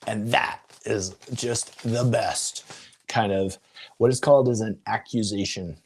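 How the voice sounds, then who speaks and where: A man coaching on a live video, telling a story in a casual, animated way with laughs and quick voice switches. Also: on the low side, husky. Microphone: live-stream setup.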